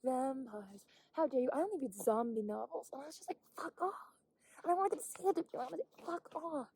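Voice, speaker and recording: A woman's voice: sits high, animated, fast talker, warm tone, slightly rough, no echo. A young woman vlogging outdoors on a hike, rambling candidly, swearing often and sometimes dropping to a whisper. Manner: drops to a whisper at times. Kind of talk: casual vlog monologue. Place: outdoors on a hiking trail.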